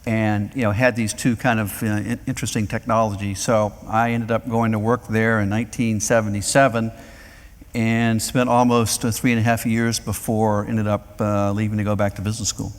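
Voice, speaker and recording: A man's voice: fairly low pitch, level tone, normal speed. A middle-aged man from North Carolina, a medical device executive, answering interview questions conversationally before a live audience, with frequent fillers. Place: lecture hall with audience. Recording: long hall reverb.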